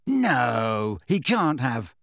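A man's voice: mid-range voice, sing-song, very slow, gravelly, fairly bright tone, no echo, exaggerated voice. Man doing a jumpy indignant schoolboy, voice shoots up when he's upset, dry close storybook sound. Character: teenage schoolboy, excitable, indignant, easily rattled.

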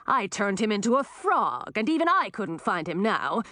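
A woman's voice: medium pitch, big pitch swings, bright, forceful tone, no echo, studio quality. A woman voicing a nasty, sneering old male wizard in a storybook reading. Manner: sneering, drawn-out.

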